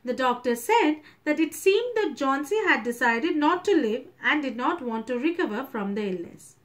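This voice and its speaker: A woman's voice: high voice, expressive, moderate pace. A woman teacher with an Indian English accent, explaining a story to a class and retelling each passage in simpler words.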